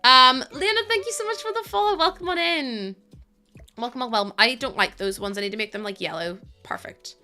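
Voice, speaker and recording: Bright-voiced chatty woman streamer. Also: sits high, fairly quick, faint music behind. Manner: chatty, laughs often, reads out and thanks chat. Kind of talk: casual live-stream chat.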